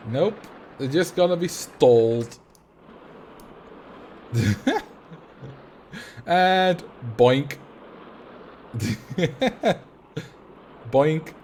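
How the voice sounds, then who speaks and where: A man's voice: a little high, expressive, very slow, pauses often, darkish tone, a little hiss or hum. A man with a Dutch accent giving casual, joking commentary while livestreaming a game. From Netherlands. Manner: chatty, laughs often, jokes about words.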